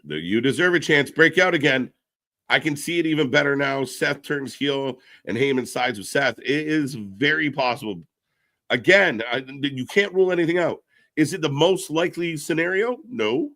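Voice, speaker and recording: Excitable man doing live commentary. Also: normal speed. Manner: excitable, pitch jumps when reacting, chatty asides to viewers.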